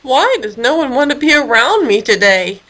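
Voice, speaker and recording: A woman's voice: on the high side, lively intonation, unhurried, fairly bright tone. A woman voicing a big lonely hippo. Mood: sad. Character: big lonely female hippo, slow and plaintive.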